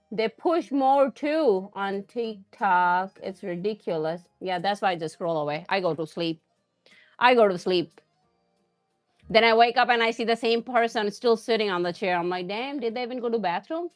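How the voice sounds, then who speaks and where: Chatty woman hosting a cooking stream. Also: on the high side. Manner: chatty, reads out and answers viewer comments, laughs often. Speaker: cooking live-stream host. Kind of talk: casual chat while cooking.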